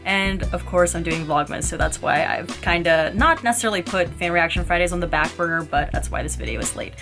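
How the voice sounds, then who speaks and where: A woman's voice: on the low side, brisk, over music. Chatty woman reacting to a show. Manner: chatty, emotional, filler-heavy. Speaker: reaction vlogger. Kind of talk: casual reaction commentary. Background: the show's audio playing.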